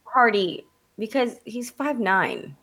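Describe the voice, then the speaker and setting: Excitable, teasing woman chatting. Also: a little high, slow. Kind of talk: casual chat.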